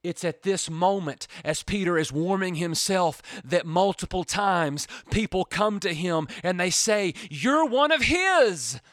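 A male pastor preaching a radio sermon, swinging from urgent pleading to hushed near-whispers. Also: high voice, steady tone, unhurried, hardly any pauses, no room sound, studio quality.

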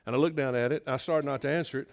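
A middle-aged man preaching a sermon, moving between emphatic rising passages and quiet, hushed storytelling. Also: medium pitch, steady tone, rapid-fire, gravelly. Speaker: pastor.

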